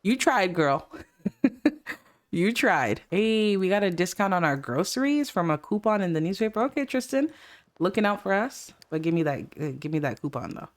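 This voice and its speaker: A woman's voice: medium pitch, sing-song, normal speed. Chatty woman narrating her life-sim game. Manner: chatty, giggly, voices the characters' lines. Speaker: let's play host. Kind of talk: casual gameplay commentary.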